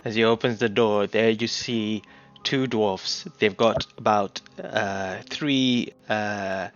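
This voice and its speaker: A man narrating a tabletop game scene, describing it in a relaxed way with some fillers. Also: on the low side, slow pace, highs cut off, faint music behind.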